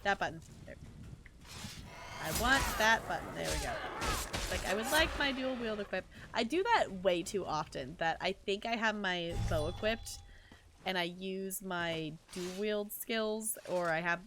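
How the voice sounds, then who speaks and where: A woman streaming a fantasy game and chatting casually as she plays, thinking aloud and laughing often. Her voice sits at an ordinary pitch, with a faint hiss behind it. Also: measured pace. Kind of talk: casual chat while playing a game.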